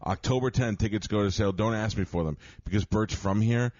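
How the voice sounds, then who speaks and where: A man's voice: on the low side, a little fast, darkish tone, dull audio, a little hiss or hum. A man hosting a radio show, joking loosely and plugging upcoming events. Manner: loose, joking host patter. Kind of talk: casual banter and show plugs. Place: cruise ship cabin.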